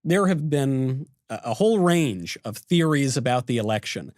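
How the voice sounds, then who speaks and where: A man's voice: medium pitch, expressive, moderate pace, a little mellow, no room sound, clean studio sound. A man co-hosting a podcast, posing long, thinking-aloud questions in conversation. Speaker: podcast co-host, interviewer. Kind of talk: conversational interview.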